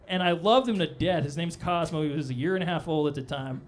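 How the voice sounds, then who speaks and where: A man's voice: fairly high pitch, normal speed. A man performing a stand-up comedy set on a club stage, with a loose, rambling delivery full of "all right?" asides.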